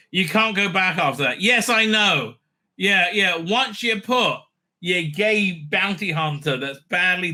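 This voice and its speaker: A man's voice: a little high, pushed and bright. A man hosting a channel, giving sarcastic, profane commentary over clips and dropping into exaggerated mocking voices.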